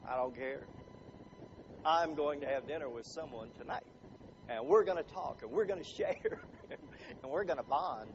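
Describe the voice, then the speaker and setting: A man's voice: a little high, normal speed, long pauses, lo-fi sound, noisy background. A man giving a motivational speech, telling stories with lots of laughter and throwing questions at the audience. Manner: animated, laughing often, quizzing the audience. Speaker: motivational speaker. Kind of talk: storytelling speech to a live audience.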